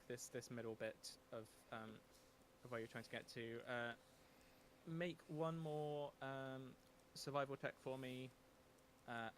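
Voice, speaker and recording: A man's voice: mid-range voice, slight background noise. Rambling male game master. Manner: relaxed, rambling, many fillers. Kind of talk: narrating a tabletop game.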